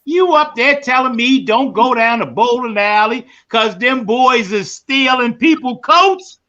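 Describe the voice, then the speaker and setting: High, bright man telling stories. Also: measured pace, highs cut off. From Baltimore. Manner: animated, rising to emphatic shouts. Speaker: podcast host. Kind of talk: live storytelling monologue.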